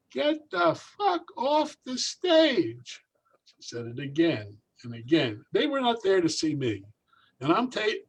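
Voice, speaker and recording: A man's voice: medium pitch, poor audio. An older man, a magician, telling a long story in conversation and acting out the people in it. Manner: animated, acts out voices in his anecdotes. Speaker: guest magician.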